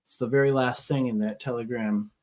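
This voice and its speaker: A man's voice: mid-range voice, fairly even intonation, brisk, darkish tone. Pointed male commentary host. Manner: conversational, pointed, sarcastic. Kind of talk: casual political commentary.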